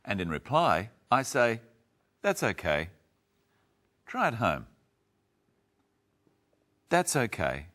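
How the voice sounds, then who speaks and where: A man co-teaching English, with expressive intonation and playful example dialogues. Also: lowish voice, slow pace, long pauses. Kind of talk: lively teaching with playful role-play.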